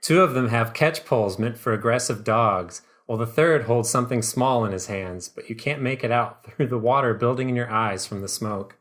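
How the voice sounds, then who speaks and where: Sex: man. Style: deadpan comic storyteller. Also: medium pitch, moderate pace, few pauses. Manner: dry, deadpan reading that breaks into laughs. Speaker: podcast host and storyteller. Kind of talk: second-person comedic story narration.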